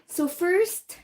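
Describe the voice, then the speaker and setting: A woman co-hosting a casual chat, unhurried and quick to laugh. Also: very high-pitched, darkish tone. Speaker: podcast co-host.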